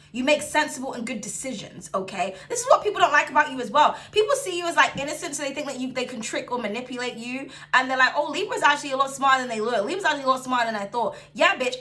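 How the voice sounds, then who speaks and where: A woman giving a casual tarot reading to camera, sassy and chatty, swearing freely and calling her viewers darling, swinging between excited outbursts and low soothing asides. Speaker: tarot reader.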